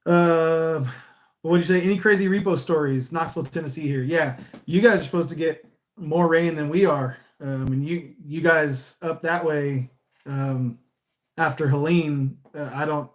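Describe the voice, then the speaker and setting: A Californian man talks loosely through a live stream, answering viewer comments as he goes. His delivery is smiley and easygoing, wandering through restarts. His voice sits a little higher than most men's. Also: measured pace. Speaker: repo agent and YouTuber. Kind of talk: casual live-stream chat reading comments.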